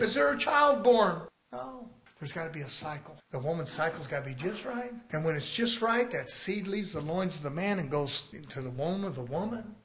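A man preaching a sermon to his congregation, impassioned, swinging from loud cries to hushed passages and acting out sinners' pleas. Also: high-pitched. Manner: impassioned, rising and falling in volume, acts out sinners' cries.

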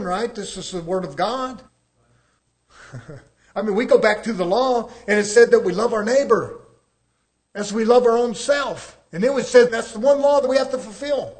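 Preaching at a normal speed in a very high voice, a middle-aged man puts rhetorical questions to his congregation. His delivery swings from loud, emphatic moments to softer passages.

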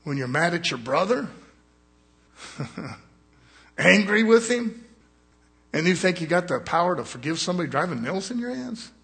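Folksy male preacher, high bright husky voice, fervent sermon with scripture reading. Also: very animated, unhurried, long pauses.

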